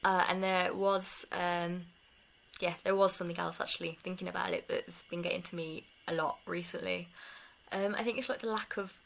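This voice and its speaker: A woman's voice: on the low side, steady tone, moderate pace, creaky, fairly bright tone, slight background noise, low-quality recording. Candid woman vlogging. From England. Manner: candid, rambling, laughs between sentences. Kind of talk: casual talk to camera.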